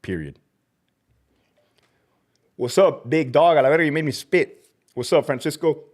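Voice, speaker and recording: A middle-aged livestream host, once a corrections officer, speaks a little slowly in a slightly high, darkish voice with lively intonation. He rants heatedly over chat comments, fired-up, profane and mocking, with Spanish slang mixed in.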